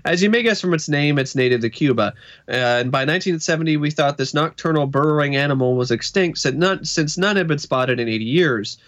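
A man's voice: a little high, fairly quick, fairly bright tone, muffled recording. A man co-hosting a casual talk show, reading facts aloud and dropping in dry jokes. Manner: dry jokey asides while reading. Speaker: podcast co-host. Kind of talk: reading a list aloud with asides.

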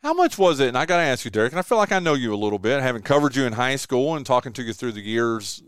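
A man's voice: medium pitch, sing-song, very fast, a bit bright, smooth, dry recording. A man hosting a radio show, chatting casually and speaking with effusive enthusiasm. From eastern North Carolina. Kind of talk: casual radio interview chat.

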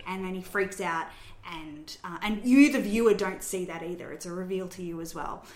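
A woman with a lowish voice talks at a moderate pace, with a little hiss or hum underneath. She's a podcast host chatting casually and recapping a film's plot scene by scene, storytelling with plenty of fillers. The recording has a roomy echo.

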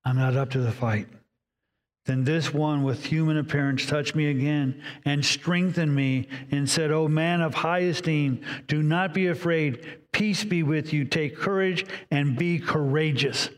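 A man preaching a sermon, reading scripture aloud and voicing inner dialogue with dramatic pauses. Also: a little high, long reverb tail. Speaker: pastor.

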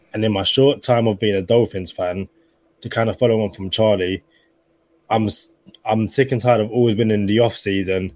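A man's voice: fairly low pitch, a little mellow, no echo. A British man speaking as a podcast guest, weary and explaining his own slang. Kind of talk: casual podcast chat.

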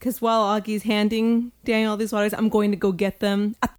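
A woman's voice: mid-range voice, level tone, fairly quick. A young woman telling a story in casual podcast chat, blunt and swearing when annoyed. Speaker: podcast co-host.

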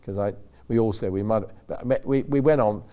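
A man's voice: fairly low pitch, fairly quick, warm tone, clear, resonant tone. An older man, a racing driver guest on a club talk show, telling long anecdotes in a rambling, self-correcting way and acting out the voices of the people he quotes. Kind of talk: anecdotal storytelling.

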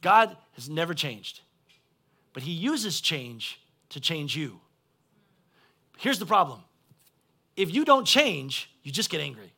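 A man, preaching a sermon as pastor and swinging between quiet asides and loud shouted calls. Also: fairly high pitch, big pitch swings, slow pace, vocal fry, pauses often, slightly rough. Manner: blunt, folksy preaching.

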